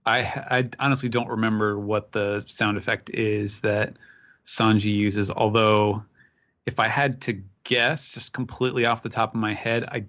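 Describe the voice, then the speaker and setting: A man guesting on a casual podcast talks through his answers out loud, with many restarts and playful sound effects. His voice is fairly low. The audio comes through muffled and lo-fi. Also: level tone, measured pace. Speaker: guest translator.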